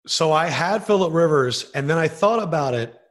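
A man's voice: fairly high pitch, lively intonation, normal speed. A man hosting a podcast interview, reacting with enthusiasm and asking questions. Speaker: podcast host.

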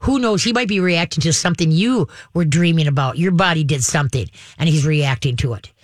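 A man's voice: on the high side, a little fast, no echo. A man hosting a call-in pet advice show, folksy and reassuring, rambling with frequent restarts. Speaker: pet advice radio host.

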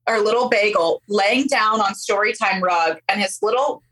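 A woman who works as a preschool teacher, chatting casually and telling animated stories in which she acts out voices. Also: mid-range voice, measured pace, husky, low-quality recording. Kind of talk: casual chat.

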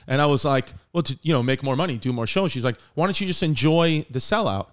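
This is casual podcast talk from a man in his thirties who hosts the show: loose, full of cursing, and punctuated by laughter. He speaks quickly, his somewhat high voice marked by lively intonation.

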